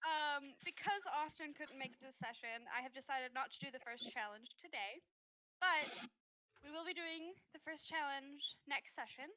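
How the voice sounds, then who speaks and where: Woman game master, high bright voice, excitable. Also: normal speed, rough recording. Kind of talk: running a tabletop game.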